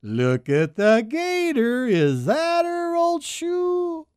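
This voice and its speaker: A woman voicing a sly, taunting snake in a rhyming storybook, slow and teasing. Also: high-pitched, wildly swooping pitch, a little mellow, dry recording, clean studio sound, voice pushed up, full character voice.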